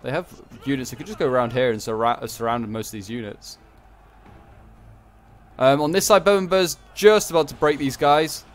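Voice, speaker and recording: A man with a medium-pitched voice and normal speed gives rambling, casual commentary on a strategy game fight, correcting himself along the way and adding joking asides.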